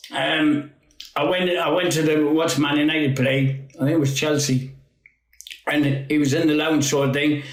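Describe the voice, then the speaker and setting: A Geordie man in his fifties from North East England speaks in a slightly high voice, recorded with poor audio in an echoey room. As a guest, he tells rambling football anecdotes, acting out quotes and laughing often.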